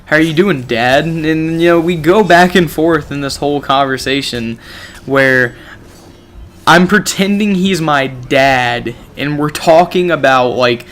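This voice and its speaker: Rambling storyteller man, fairly high voice. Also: unhurried, fairly bright tone. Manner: rambling, full of "you know" and "like". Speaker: gaming channel storyteller. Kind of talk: casual storytelling.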